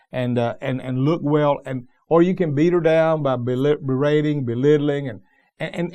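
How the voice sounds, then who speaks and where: A man's voice: on the high side, a little mellow. A middle-aged male pastor preaching a sermon in a folksy, plain-spoken storytelling way, with emphatic asides.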